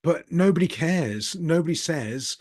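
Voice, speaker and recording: A man's voice: fairly high pitch, expressive, measured pace, a little mellow, no room sound. Dry-voiced middle-aged Birmingham man. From Birmingham, England. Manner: candid, rambling, self-deprecating, with occasional chuckles. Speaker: business coach and channel host. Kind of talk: casual reflective monologue.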